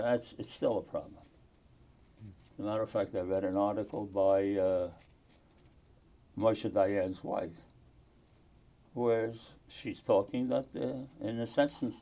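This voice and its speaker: An older man from the United States speaking in an oral history interview, earnest and halting, with pauses and restarts. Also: fairly low pitch, dark tone.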